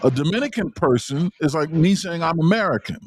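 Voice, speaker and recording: A man's voice: on the high side, expressive, a little fast, a little hiss or hum. A man hosting a livestream panel discussion, insistent and lecturing, often cutting others off.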